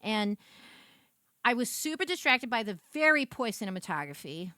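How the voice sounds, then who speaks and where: A young woman streamer chatting casually, ranting in an animated way and swearing as she goes. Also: fairly high pitch, normal speed, no echo, studio quality. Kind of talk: casual chat.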